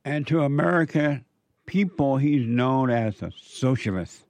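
A man's voice: medium pitch, animated, unhurried, darkish tone. A man speaks straight to his audience in a mid-range voice, pressing his warnings again and again. His delivery is emphatic and repetitive. The recording is dry and close, with no room echo. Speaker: political commentator. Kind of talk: opinion monologue.

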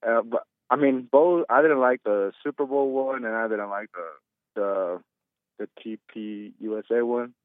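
A man's voice: mid-range voice, moderate pace, dry recording. A man calling in to a radio show who chats casually, hesitates with frequent ums, and laughs easily. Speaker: caller. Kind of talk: casual phone-in chat. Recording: tinny phone line.

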